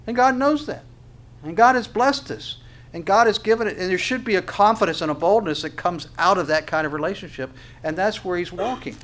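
Male pastor, slightly high pitch, expository sermon delivery, emphatic and questioning. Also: brisk, a bit bright. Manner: preaching with rising emphasis, rhetorical questions, frequent restarts.

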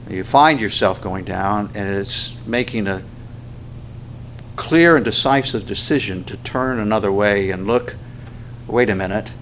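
A man's voice: mid-range voice, a bit bright, a little hiss or hum. A man preaching a sermon as a pastor, in a conversational storytelling manner with many fillers.

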